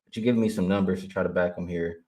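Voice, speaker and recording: A man's voice: sits low, steady tone, racing, mellow. A man hosting a sports betting livestream, casually reading viewer chat aloud and answering it. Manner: casual, heated when ranting at a chat troll; laughs often while reading comments. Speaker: sports betting show host.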